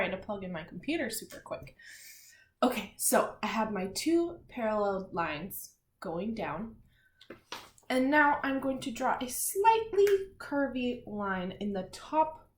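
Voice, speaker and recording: Slow-talking woman teaching young children. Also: medium pitch. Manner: slow, gentle classroom instruction with spelled-out letters. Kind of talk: children's lesson, slow spelling and reading aloud. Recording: echoey room with faint noise.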